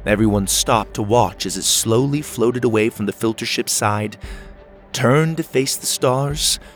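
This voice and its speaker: A man narrating a children's space adventure story in a steady, descriptive read-aloud manner. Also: mid-range voice, measured pace, over music.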